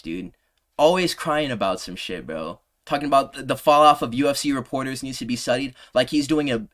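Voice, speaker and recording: A man in his twenties ranting heatedly in a commentary video, combative and heavy on profanity, his voice sinking low on trailing asides. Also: a bit bright. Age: 20s. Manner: drops pitch on trailing "bro". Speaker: MMA commentary creator.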